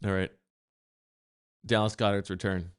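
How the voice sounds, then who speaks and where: A man co-hosting a casual sports podcast, ribbing his partner in quick back-and-forth banter. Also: lowish voice, little pitch movement, clean tone. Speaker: podcast co-host.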